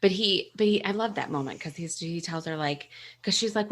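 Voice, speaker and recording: A woman's voice: on the low side, a little fast, hardly any pauses. Giggly young woman gushing about a book. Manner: gushing, laughs often, reads passages aloud. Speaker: book podcast host. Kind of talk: casual book chat.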